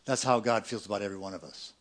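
A middle-aged pastor preaching a sermon, swinging between loud emphatic peaks and quiet, quick asides. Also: male voice, on the low side.

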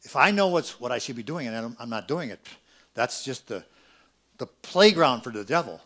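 Preaching a sermon, this middle-aged man's mid-range voice has lively intonation. He moves from loud, emphatic high points to quick, quiet asides.

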